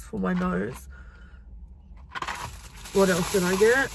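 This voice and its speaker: A woman's voice: medium pitch, background noise. A young woman talking casually to her camera in a vlog, chatty and swearing freely. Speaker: vlogger. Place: car in the city.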